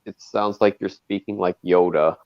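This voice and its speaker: A man's voice: sits low, steady tone, moderate pace, dry recording, dull audio. A man with a Canadian accent in casual chat, earnest and hesitant, with many fillers.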